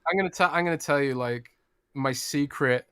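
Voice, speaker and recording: A man's voice: fairly high pitch, moderate pace, fairly bright tone, clear, resonant tone, no room sound, clean studio sound. A British man from the UK co-hosting a podcast, chatty and rambling, laughing often. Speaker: podcast co-host. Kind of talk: casual chat.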